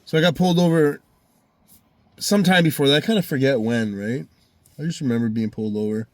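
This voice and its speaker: A man's voice: medium pitch, fairly quick, a little mellow, dry recording. Man, vlogger, swearing constantly, rambling heated monologue, dry close sound. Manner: profane, heated, rambling retelling. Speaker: vlogger telling a personal story. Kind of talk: casual storytelling monologue.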